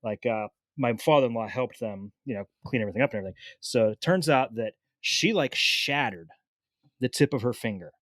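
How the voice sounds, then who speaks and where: A man's voice: medium pitch, a little fast, no echo, clean studio sound. A man in his thirties, co-hosting a podcast, telling a casual story and stumbling over his words a little. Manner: relaxed storyteller, repeats words as he talks. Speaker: podcast co-host. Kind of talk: casual chat.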